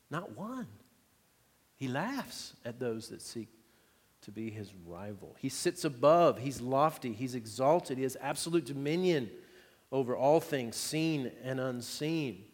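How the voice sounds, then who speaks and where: Preaching man in a reverberant hall. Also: mid-range voice. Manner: conversational preaching with jokes and frequent rhetorical checks to the congregation. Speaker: pastor. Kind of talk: sermon.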